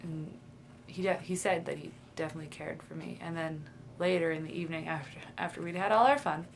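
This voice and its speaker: A woman's voice: low-pitched, fairly even intonation, fairly quick, gravelly, a little hiss or hum. A young woman talking into the camera in a confiding, dreamy video diary, often trailing off and restarting. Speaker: vlogger.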